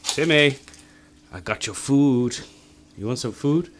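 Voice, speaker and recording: A man hosting a fishkeeping vlog from his home tank studio, chatting eagerly to camera with frequent laughs, his voice deeper from the early morning. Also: animated, slow pace, slight background noise. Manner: chatty and enthusiastic, laughs often. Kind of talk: casual chat to camera.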